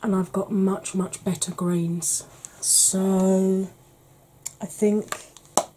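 A woman chatting casually as a beauty vlogger, easygoing and quick to laugh, with the odd mild swear. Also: mid-range voice, flat delivery, dark tone, husky. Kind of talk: casual makeup declutter chat.

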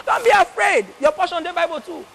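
A man's voice: very high voice, a little fast, gravelly. A young man with a Nigerian Pidgin accent doing chatty, teasing live stand-up comedy, telling stories. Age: young adult. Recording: loud live crowd and noisy venue.

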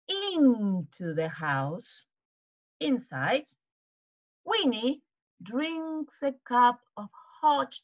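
A woman teaching to children, retelling a storybook in an animated way, with gasps and questions to the kids. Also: a little high, highs cut off.

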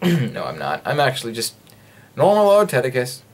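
In a casual let's-play, a gaming host's medium-pitched voice swoops wildly in pitch at a normal speed. He jokes and rambles to himself and his viewers while playing, occasionally breaking into playful singing.

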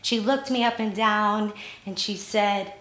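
A woman telling a personal story at a live storytelling event, animated and self-deprecating, often laughing as she talks. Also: medium pitch, unhurried. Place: storytelling event in a small theater space. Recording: echoey room.

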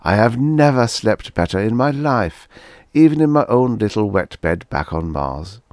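A man's voice: fairly low pitch, big pitch swings, a little slow, darkish tone, dry recording, clean studio sound, pitched above the performer's own voice. A man voicing a polite, cheerful male Martian visitor who speaks in an earnest, formal, apologetic way.

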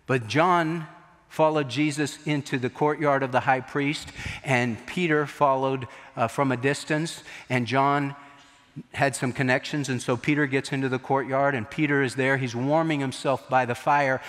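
A man's voice: mid-range voice, fairly even intonation, measured pace, a bit bright, long reverb tail. A man preaching a sermon as a pastor, telling the story dramatically and acting out the quotes.

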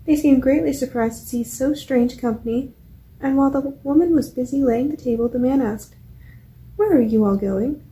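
A woman with a mellow, slightly high voice reads a children's chapter book aloud for a library storytime. Her delivery is steady and clear, paced for young listeners. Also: a little fast, low-quality recording. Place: public library.

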